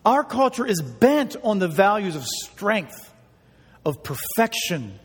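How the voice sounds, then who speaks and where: Earnest high-voiced male pastor. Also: very animated, slow pace, husky. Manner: earnest, emphatic, repeats key words. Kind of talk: sermon with prayer. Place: church hall. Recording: long hall reverb.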